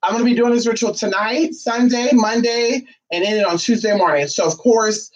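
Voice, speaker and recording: Brash, sassy vlogger talking straight to viewers: profane, leaps into shrill outbursts, muffled and set back from the mic. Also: normal speed. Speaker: spiritual vlogger. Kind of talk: casual chat to viewers. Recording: distant, dull lo-fi sound.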